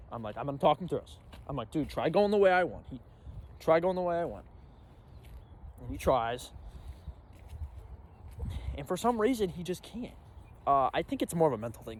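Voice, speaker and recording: A young man telling a casual storytime vlog, animated and acting out his own panicked reactions. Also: a little high, a little hiss or hum. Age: young adult. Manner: animated, acts out his own reactions with sudden loud bursts. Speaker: storyteller vlogger.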